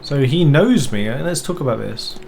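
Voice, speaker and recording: A man's voice: mid-range voice, lively intonation, moderate pace, gravelly, darkish tone, faint music behind. Man reading through a mystery game. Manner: reads game text aloud, asides with laughs. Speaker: streamer playing a mystery game.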